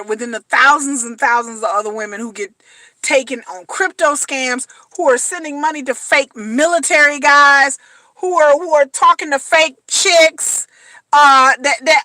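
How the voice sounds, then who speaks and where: A woman delivers a blunt, slangy vlog commentary, hammering her points home with repetition. Her voice sits high and sounds bright and forceful. The recording is dry and close. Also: normal speed, no echo. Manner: blunt, emphatic, slangy, repeats phrases. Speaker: reality TV commentator.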